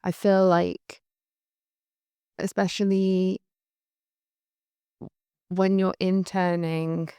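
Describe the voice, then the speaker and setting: A young woman with a light Northern English accent telling a candid, rambling story, full of fillers and quick laughs. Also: on the low side, little pitch movement, dark tone, clear, resonant tone, no room sound, studio quality. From Northern England. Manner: chatty, rambling, laughs often, many "like" fillers. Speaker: photographer recalling her career. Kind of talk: candid anecdotal monologue.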